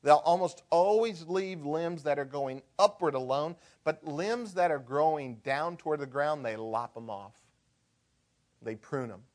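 Slow-paced male pastor preaching a sermon. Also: a little high. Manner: conversational preaching with wide swings from hushed to loud.

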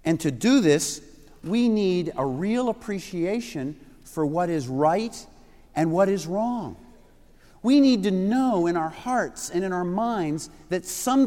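Middle-aged male pastor, earnest emphatic sermon for youth; higher voice, reverberant sanctuary. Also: animated, takes it slowly, mellow. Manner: earnest, emphatic, repeats key phrases.

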